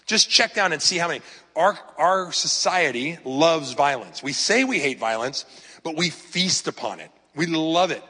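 A man's voice: on the high side, animated, moderate pace, sharp tone, slightly rough. A man in his fifties, a pastor giving a chatty, emphatic sermon full of personal stories and rhetorical questions. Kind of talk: conversational sermon. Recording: long hall reverb.

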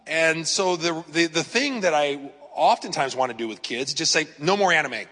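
Bright-voiced preacher man in a reverberant hall. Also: a little high, moderate pace. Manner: chatty, emphatic preaching with personal stories and rhetorical questions. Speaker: pastor. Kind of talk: conversational sermon.

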